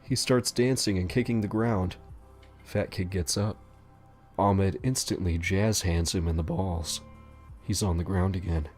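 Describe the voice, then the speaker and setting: Deadpan low-voiced male storyteller. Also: unhurried, soft background music.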